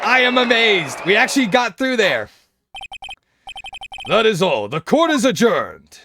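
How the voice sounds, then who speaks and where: A man's voice: high-pitched, sing-song, measured pace, crowd noise, noisy background. A man voicing an elderly male judge who speaks in a hesitant, ponderous way. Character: elderly male judge, mild and easily swayed.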